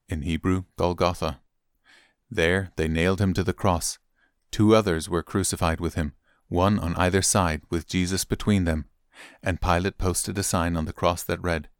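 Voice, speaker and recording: A man reading a Bible chapter aloud in steady, clear narration. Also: low-pitched, no room sound, studio quality. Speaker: Bible reader. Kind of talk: scripted scripture reading.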